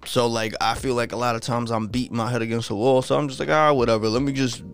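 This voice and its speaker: A man's voice: mid-range voice, fairly even intonation, fast, faint music behind. A man hosting a podcast, ranting in a casual, profane and frustrated monologue.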